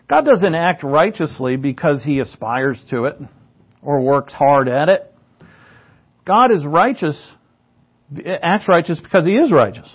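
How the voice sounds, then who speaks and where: A man with a fairly high voice preaches a sermon in an easy, conversational manner. He keeps asking the congregation rhetorical questions and drops in wry asides. The recording sounds dull and lo-fi. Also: big pitch swings, measured pace, pauses often, husky. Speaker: pastor.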